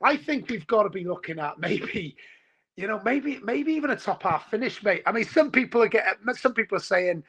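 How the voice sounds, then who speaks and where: Welsh guy in his 40s on a video call, high voice, gabbles excitedly about footy, mate this mate that. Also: fairly quick, breathy edge. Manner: excitable, rambling, says "mate" a lot. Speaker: guest football fan. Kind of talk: casual podcast chat.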